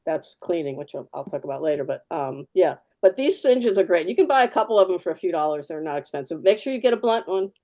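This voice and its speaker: A woman's voice: fairly low pitch, lively intonation, fast, hardly any pauses, dark tone. A woman artist giving a live fountain pen demo, chatty and practical, repeating key words for emphasis. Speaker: artist demonstrating fountain pens.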